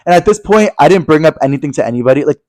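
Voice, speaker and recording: Fast-talking animated young man. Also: on the high side, no echo, low-quality recording. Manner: animated, gossipy, profane, jumps into quoted voices. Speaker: podcast co-host. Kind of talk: casual storytelling chat. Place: podcast studio.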